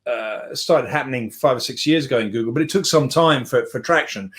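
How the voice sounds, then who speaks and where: Talking brisk and bright in a mid-range voice, this middle-aged podcast guest, who runs a software company, dials in remotely for a casual conversation. He wanders through his points, restarting often, leaning on fillers, and poking fun at himself.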